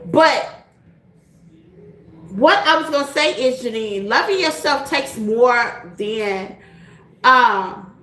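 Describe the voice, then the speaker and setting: A woman's voice: on the high side, lively intonation, slow pace, pauses often, fairly bright tone, echoey room. A middle-aged woman hosting a casual chat to her viewers, laughing often and repeating her points in a direct, folksy way. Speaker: tarot reader and channel host.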